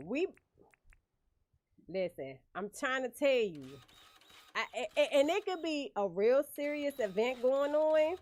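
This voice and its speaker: A woman's voice: sits high, big pitch swings, measured pace, pauses often, a little mellow. A woman streaming a game, chatting casually with viewers and laughing often. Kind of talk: casual livestream chat while gaming.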